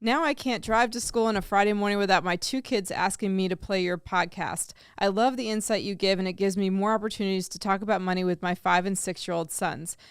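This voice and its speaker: A woman's voice: medium pitch, a little fast, few pauses, smooth, dry recording. A woman co-hosting a radio show, reading listener letters aloud in an upbeat, amused way into a studio microphone. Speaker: radio co-host.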